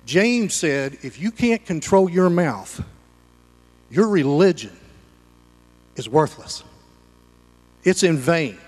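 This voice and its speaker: A man's voice: on the high side, animated, slow, long pauses, a little mellow, in a large hall. A man preaching a sermon as pastor, folksy and conversational, with homespun humor.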